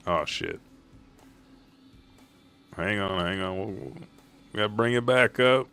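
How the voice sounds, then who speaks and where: Brief: male livestream host, low voice, profane, energetic play-by-play of comic panels. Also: slow pace, long pauses, clean tone, faint music behind. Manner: profane, excitable play-by-play with sound effects. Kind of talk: live manga read-aloud and reaction.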